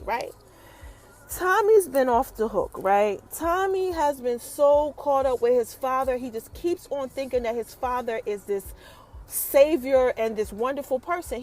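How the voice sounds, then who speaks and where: A woman hosts her own podcast, recapping a TV episode in a relaxed, chatty way. Her voice sits high and swings up and down a lot as she tells the story. She keeps turning to speak straight to her listeners. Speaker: podcast host.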